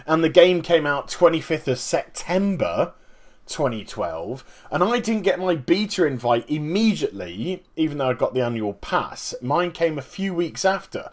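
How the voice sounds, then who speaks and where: A man hosting a casual gaming commentary vlog, talking in an animated, emphatic way and explaining things step by step. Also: fairly high pitch. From Northern Hemisphere. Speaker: gaming video host.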